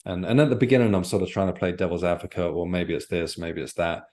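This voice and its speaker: Deep-voiced man telling a personal story. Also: fairly even intonation, fast, a little mellow. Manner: reflective, earnest, searching for words. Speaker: author guest. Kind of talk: podcast interview, personal storytelling.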